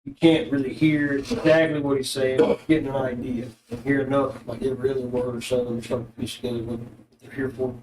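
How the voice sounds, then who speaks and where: A man's voice: medium pitch, little pitch movement, fast talker, darkish tone, slight background noise. A man narrating as game master, in a loose, rambling way full of fillers. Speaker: dungeon master. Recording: echoey room, voice from a distance.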